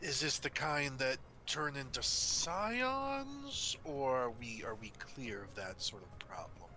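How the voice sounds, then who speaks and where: A man playing a tabletop role-playing game, making quick joking asides. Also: medium pitch, big pitch swings, sharp tone. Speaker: player. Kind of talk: casual tabletop game play.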